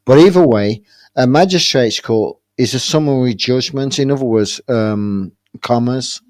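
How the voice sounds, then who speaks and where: A man's voice: mid-range voice, a little slow, a little mellow, no room sound. A man in casual live-stream debate, rambling with restarts and calling others "mate". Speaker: panel speaker.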